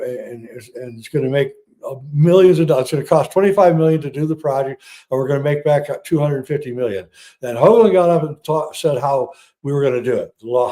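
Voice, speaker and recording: A man, a guest on a podcast, telling a long personal story in a casual, halting way with many fillers and restarts. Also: medium pitch, dark tone.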